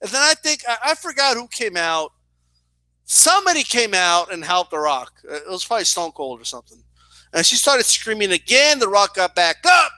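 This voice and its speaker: A young man telling a story in a casual, animated way, swearing and often asking "right?". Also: sits high, moderate pace, no echo. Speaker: boxing and wrestling commentator.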